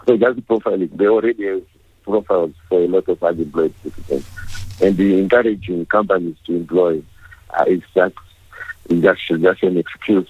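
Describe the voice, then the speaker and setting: A man with a very low, husky voice gives a blunt, indignant radio interview. The line is dry and a little muffled. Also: dry recording. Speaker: activist guest.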